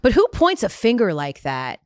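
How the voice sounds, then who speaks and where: A woman hosting a casual sports talk show, chatting with quick asides into a close studio mic. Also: mid-range voice, huge pitch swings, no echo. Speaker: show host.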